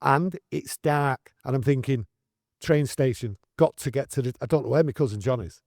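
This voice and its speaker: A man in his sixties with a Manchester accent, telling his story in an earnest, animated way with broad northern dialect. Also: medium pitch, moderate pace, creaky, no echo, studio quality. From England. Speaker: guest storyteller. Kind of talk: casual storytelling interview.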